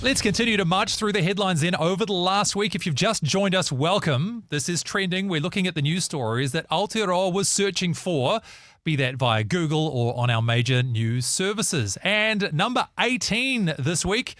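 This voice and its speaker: A man's voice: sits high, expressive, normal speed, fairly bright tone, no room sound, clean studio sound. A man co-hosting a casual news chat show, joking and bantering. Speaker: radio co-host.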